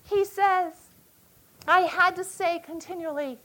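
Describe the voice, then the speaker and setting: A woman in her forties teaching at a church retreat, speaking earnestly with halting restarts and an emotional storytelling manner. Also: very high voice, steady tone, bright, forceful tone, rough recording.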